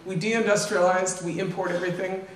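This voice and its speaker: A woman's voice: fairly low pitch, flat delivery, fairly quick, slight background noise. An older woman giving an informal public talk with slides, chatty and full of asides and tag questions to the audience. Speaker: invited speaker. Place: lecture room. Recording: roomy, distant mic, faint ambience.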